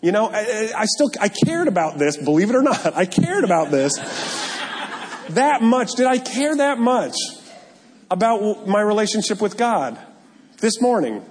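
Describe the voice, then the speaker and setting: A male pastor preaching a sermon, animated and joking, with self-deprecating asides. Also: high-pitched, normal speed, slight background noise. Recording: long hall reverb.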